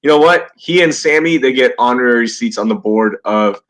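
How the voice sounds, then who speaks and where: Male podcast host, casual and jokey, mid-pitched, on a headset mic at home. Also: animated, fairly bright tone. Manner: upbeat, jokey, quick to laugh. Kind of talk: casual live podcast chat. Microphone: cheap gaming headset.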